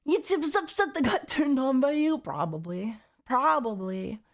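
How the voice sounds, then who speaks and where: A woman's voice: high-pitched, normal speed, darkish tone. A young adult woman streaming as a VTuber, chatting casually and reading chat aloud in a teasing, playful way.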